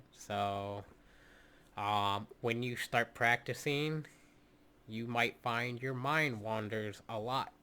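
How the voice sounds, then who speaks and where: Guy doing a solo podcast, slow talker, lots of ums and restarts, kinda teaching the listener. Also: on the low side, bright, forceful tone. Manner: halting, many fillers and restarts; instructive, addresses listener directly. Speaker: podcast host.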